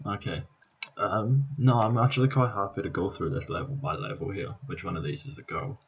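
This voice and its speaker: A man's voice: fairly low pitch, lively intonation, a little fast, highs cut off, a little hiss or hum. A Scottish man casually commentating on his own language-app practice, thinking aloud and chuckling at his mistakes. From Scotland. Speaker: vlogger. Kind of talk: casual let's-play commentary.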